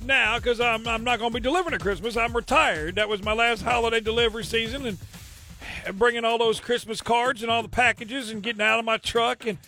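A radio host puts on a retired mail carrier who rambles and hesitates, fussing over every little thing. The voice sits very high with a gravelly edge and a bright, sharp tone. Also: male voice, steady tone, fairly quick, faint music behind, full character voice. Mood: nosy. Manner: rambling, hesitant, mock-aggrieved. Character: chatty nosy retired male mail carrier. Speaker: radio host pranking a caller. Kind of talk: prank phone call bit.

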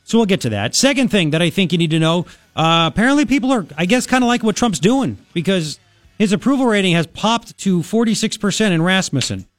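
A man's voice: sits high, animated, fairly quick, no echo. A man hosting a talk radio show, chatting and rambling in a casual monologue with lots of restarts.

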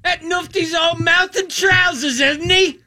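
A radio host voicing a loud, jolly English bloke in an exaggerated put-on accent. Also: male voice, very high-pitched, steady tone, unhurried, voice pushed up, full character voice. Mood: rowdy.

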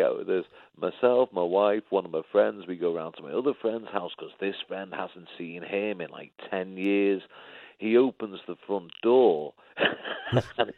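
A man tells anecdotes in a loose, chatty way and slips into quoted voices. His voice sits low and dry. It comes through a thin, phone-like remote line. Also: dry recording. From Liverpool, England. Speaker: guest. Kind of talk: casual interview chat.

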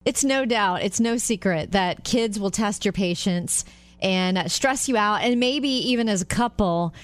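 A woman co-hosting a talk show, telling stories in a lively way and laughing often. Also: medium pitch, a little slow. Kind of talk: casual chat.

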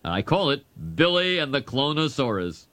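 Cartoon dad, dim, self-satisfied, naive, bouncy lively pitch. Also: male voice, moderate pace. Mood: smug. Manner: pleased with himself, naive. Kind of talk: cartoon voice acting.

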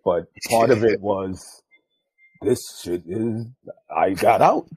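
An older man, a retired drug agent, telling a tense undercover story in an interview, profane and animated. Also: slow, husky, no echo. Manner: animated, jumps loud and high acting out quotes; profane, street-style speech.

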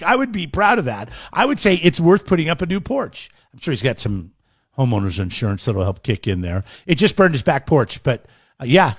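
A man hosting a morning radio show, telling a story in a lively, joking way. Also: on the high side, husky, no room sound, clean studio sound. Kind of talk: casual morning radio banter.

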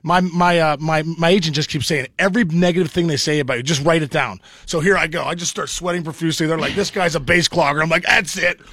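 Rambling, animated man telling a story. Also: on the high side, fast, hardly any pauses, dry recording, clean studio sound. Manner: rambling, animated storyteller with many restarts and "you know"s. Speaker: podcast co-host, former baseball player. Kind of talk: casual storytelling chat.

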